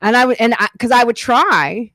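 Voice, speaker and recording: A middle-aged woman comedian hosting a live podcast, telling stories in a lively way and breaking into loud impressions. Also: fairly high pitch, normal speed, dry recording. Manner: animated storyteller, slips into loud impressions. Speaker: podcast host. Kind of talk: casual comedic chat.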